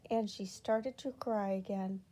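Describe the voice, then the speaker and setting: A woman reading a children's storybook aloud in an expressive, unhurried way. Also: mid-range voice. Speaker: children's book reader.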